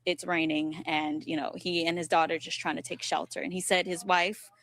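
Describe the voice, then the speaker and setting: Female live reporter, lowish pitch, calm and compassionate, on location outdoors. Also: moderate pace, no room sound. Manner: sympathetic, steady, descriptive. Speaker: field reporter. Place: outdoors at a storm-wrecked site.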